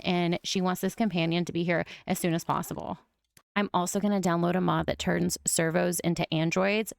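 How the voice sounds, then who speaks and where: A young woman commenting on her life-simulation game, gushing and often breaking into excited squeals. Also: on the low side, gravelly, clean tone, dry recording, clean studio sound. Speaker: gaming YouTuber.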